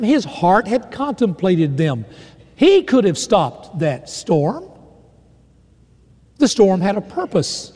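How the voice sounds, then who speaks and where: Man preaching, dramatic storyteller, high mellow voice, long hall reverb. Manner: dramatic storytelling, swelling and dropping to hushed lines. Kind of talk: sermon.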